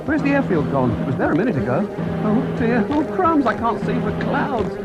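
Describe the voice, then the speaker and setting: A man doing Huxley, an excitable cartoon pig. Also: high voice, fairly quick. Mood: excited. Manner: bubbly, exclaiming, giggly. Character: cheerful excitable young male pig. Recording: dull VHS tape with loud music.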